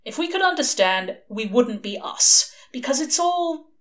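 A woman voicing a scheming male demon who talks in excitable, rambling bursts full of rising questions. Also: high voice, a little slow, pitched above the performer's own voice. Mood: worked up.

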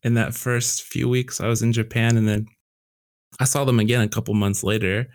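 A man talking casually and telling anecdotes, animated when he quotes other people. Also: mid-range voice, normal speed, no echo, clean studio sound. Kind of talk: casual chat.

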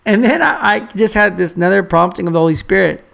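Gravelly-voiced man preaching a sermon. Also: high-pitched, sing-song, fast, a bit bright. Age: adult father of young children. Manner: emphatic, repeats key phrases for the congregation; conversational asides and fillers. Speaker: pastor.

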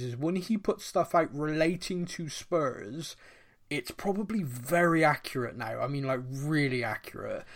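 A man co-hosting a podcast in casual football chat, chatty and quick to laugh, with plenty of fillers. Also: on the high side. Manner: chatty, laughs often, many fillers and restarts; reads listener mail aloud. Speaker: podcast co-host.

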